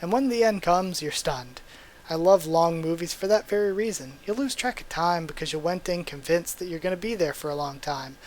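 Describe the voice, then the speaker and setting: Guy doing a live comic read-through, bit high-pitched, gets excited and gushes between passages. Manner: reads aloud, breaks in with excited exclamations. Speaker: YouTube reaction host. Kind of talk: live reading and reaction.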